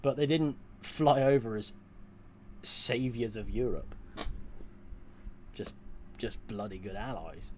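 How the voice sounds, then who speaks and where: A young British man streams and chats casually with his viewers, answering them in a slow, mid-range voice. He's blunt and sweary, with dry asides, and the recording carries a little hiss or hum.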